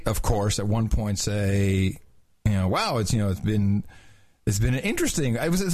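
A man, hosting a podcast, telling a long story in casual chat with lots of restarts. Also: mid-range voice. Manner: rambling, with many restarts and quoted asides. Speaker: podcast host.

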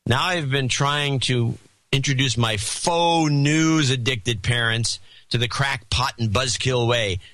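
A man's voice: medium pitch, slow pace, pushed and bright, dry recording. A middle-aged man co-hosting a podcast, reading listener notes aloud with theatrical flair. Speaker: podcast co-host.

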